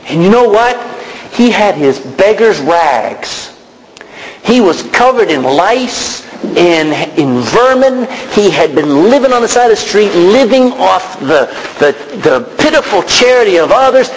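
A man preaching a sermon, animated, calling out to the congregation and acting out quotes. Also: sits high, a little slow. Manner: animated preaching with calls of "Amen?", acted quotes and shouts. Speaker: pastor. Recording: reverberant hall with faint background noise.

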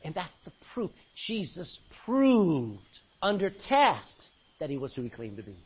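A man preaching a sermon with animated delivery, swinging from quiet to loud. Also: on the high side, measured pace, husky, highs cut off.

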